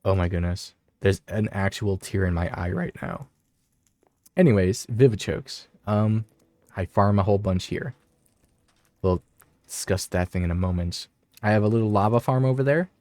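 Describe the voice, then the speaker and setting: A young man talks through his gameplay in a relaxed, chatty way, with a voice sitting a little low. He trails off and restarts often, and gets excited whenever he notices something. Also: moderate pace, no echo. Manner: rambling, self-interrupting, easily excited. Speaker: gaming video creator. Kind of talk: casual gameplay commentary.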